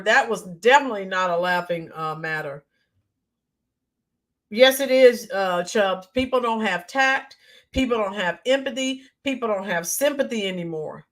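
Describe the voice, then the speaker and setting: Woman, livestream host, fairly high voice, halting delivery with many ums, reads chat names aloud. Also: fairly bright tone. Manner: talks to viewers by name, halting with many ums. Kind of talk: casual livestream commentary.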